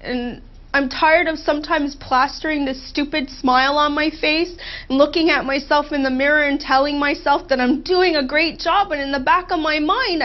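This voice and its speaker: Woman, therapy client, heartfelt, halting pauses, fairly high voice, dull lo-fi sound. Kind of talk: emotional therapy role-play.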